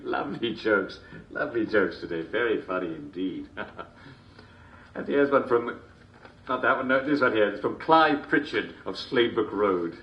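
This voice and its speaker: A man's voice: lowish voice, lively intonation, moderate pace, muffled recording. An actor playing a jolly TV show host, chuckling constantly between lines in chummy showman patter. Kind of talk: video game character performance.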